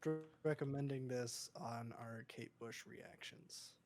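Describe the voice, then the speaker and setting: Slow-talking laid-back man. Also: mid-range voice, steady tone, a little mellow, soft background music. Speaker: podcast co-host. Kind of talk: casual music reaction chat.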